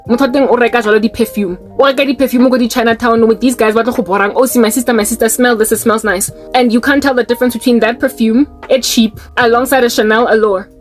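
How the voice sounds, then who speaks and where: Outspoken South African woman, higher voice. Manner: emphatic and outspoken, with heavy repetition. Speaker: vlogger. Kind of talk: personal commentary vlog.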